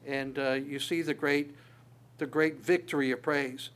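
An earnest pastor with a slightly high voice preaches a sermon with fairly even intonation, a little slowly. He grows louder on scripture quotes, softens for asides, and often restarts phrases by repeating a word.

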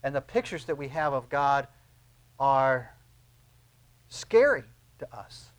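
A middle-aged man preaching a sermon, dropping to quiet, low asides and then rising to loud, emphatic peaks. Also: big pitch swings, slow. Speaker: pastor.

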